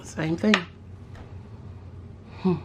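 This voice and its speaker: A woman chatting casually about art supplies on her craft vlog, thinking aloud with pauses and restarts. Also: dark tone, a little hiss or hum. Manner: musing aloud, with fillers and restarts. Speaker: craft vlogger. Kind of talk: casual unboxing chat.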